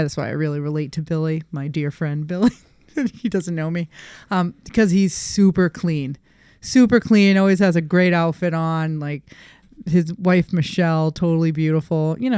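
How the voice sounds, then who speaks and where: A woman co-hosting a casual podcast about dogs. Her voice is smooth and clear, and the recording is dry with no room sound. She talks emphatically and acts out stories with lively quoted lines. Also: low voice, no room sound. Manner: emphatic, animated, laughs often, acts out quotes. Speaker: dog trainer, podcast co-host. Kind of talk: casual chat.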